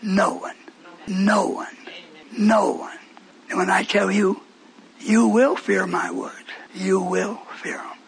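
A man preaching a sermon with passion, swinging from shouts down to whispers and rhetorical questions. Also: high-pitched, takes it slowly, gravelly, pauses often, rough recording.

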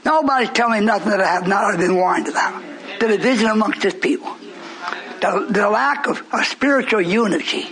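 A man preaching a sermon as pastor, shouting and scolding, then joking with the congregation. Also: sits high, brisk, poor audio. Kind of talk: fiery preaching.

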